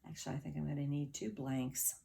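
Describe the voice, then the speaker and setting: A woman teacher leading a children's phonics lesson, sounding out and spelling words slowly and clearly at a board. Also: low voice, mellow. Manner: slow, clear word-by-word spelling with claps and sounding out.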